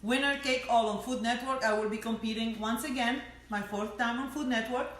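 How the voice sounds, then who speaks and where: A woman's voice: fairly high pitch, fairly even intonation, brisk. A woman hosting a casual home cooking live stream, chatty and teasing, laughing often as she talks to viewers. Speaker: cooking show host. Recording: echoey room with faint noise.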